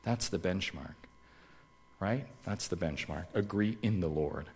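A man preaching a sermon as pastor. He repeats key phrases and swings between loud, urgent lines and hushed ones. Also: low-pitched, measured pace, husky.

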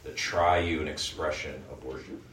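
A man's voice: a bass voice, fairly even intonation, measured pace, fairly bright tone. A man leading a Bible study group, teaching and often checking in with the group by asking "right?". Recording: echoey room, mic at a distance, faint noise.

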